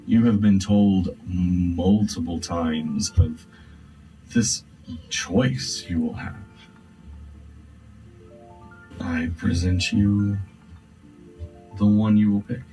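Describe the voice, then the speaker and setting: A man voicing a tall, thin, spider-like veiled being of no clear sex, speaking slowly and cryptically in a tabletop game. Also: sits low, fairly even intonation, mellow. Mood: solemn. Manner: slow, solemn and cryptic. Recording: distant mic with faint music.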